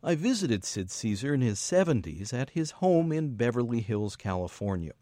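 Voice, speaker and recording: Man narrating a documentary, lively pitch. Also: normal speed, dry recording, studio quality. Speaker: narrator and interviewer.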